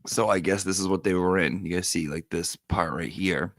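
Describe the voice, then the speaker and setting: A man hosting a casual livestream, reading viewer comments and telling stories in an animated way. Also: low-pitched, normal speed, dry recording. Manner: animated storyteller, reads viewer comments aloud. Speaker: live stream host.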